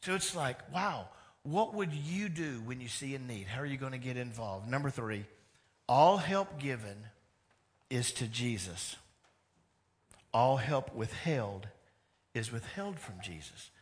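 A man preaching a sermon as pastor, animated, moving between loud emphatic lines and hushed ones. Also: mid-range voice, unhurried.

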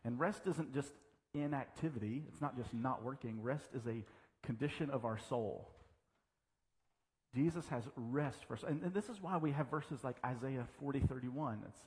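A man's voice: mid-range voice, normal speed, darkish tone. A man preaching a sermon as pastor, mixing humorous stories and self-deprecating asides into his teaching. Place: church sanctuary. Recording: church hall reverb.

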